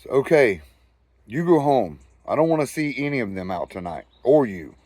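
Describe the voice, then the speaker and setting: A man's voice: mid-range voice, big pitch swings, moderate pace, darkish tone, no echo, studio quality, voice pushed up. A man doing a curt, stern cop. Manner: curt orders. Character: brusque male traffic cop, stern and curt.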